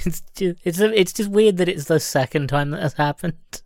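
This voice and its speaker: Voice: mid-range voice, normal speed, vocal fry, a little mellow, no echo. A podcast co-host chatting about a film with wry, dry humour. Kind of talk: casual film chat.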